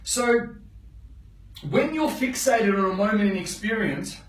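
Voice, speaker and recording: A man's voice: high-pitched, expressive, measured pace, echoey room, recorded from a distance, rough recording. A man teaching a live motivational session, preachy and blunt, often checking in with his listeners and swearing for emphasis. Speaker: motivational coach.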